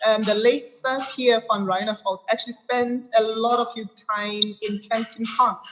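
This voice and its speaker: A South African woman in her thirties, an attorney being interviewed, telling her background in a measured, detailed way with frequent ums. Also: a little high, steady tone, fairly bright tone, a little hiss or hum, low-quality recording. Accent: South African English. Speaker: guest. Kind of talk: interview conversation.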